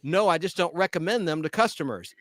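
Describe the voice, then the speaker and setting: A stubborn young male clerk answers in a flat, dismissive voice, as a panelist puts him on. He sounds plain and unbothered, and a touch lower than the teller's own voice. The recording is dry. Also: fairly quick, no echo, natural voice.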